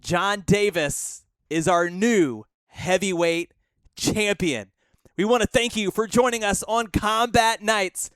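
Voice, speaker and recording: A man's voice: high voice, slow pace, no room sound. A male wrestling commentator calling the show in a hyped broadcaster delivery. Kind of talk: play-by-play commentary. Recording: loud crowd behind the commentary.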